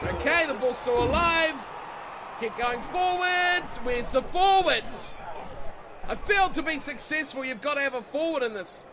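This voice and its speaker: A man giving excitable let's-play commentary on a rugby video game, swearing and yelling at his own team. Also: extremely high pitch, measured pace, crowd noise, background noise. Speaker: gaming channel host. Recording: game music playing behind the voice.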